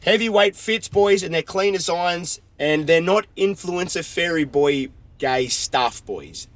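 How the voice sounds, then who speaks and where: A man's voice: on the high side, expressive, slow pace, no echo. A man with an Australian accent hosting a podcast from inside a van, brash and crude, talking casual banter and constantly calling his listeners boys. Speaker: podcast host.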